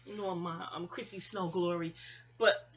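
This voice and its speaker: Against a noisy background, a middle-aged vlogger with a New York accent wanders through a personal memoir story, digressing and filling it with fillers and restarts. Her voice is on the low side and steady, at a moderate pace.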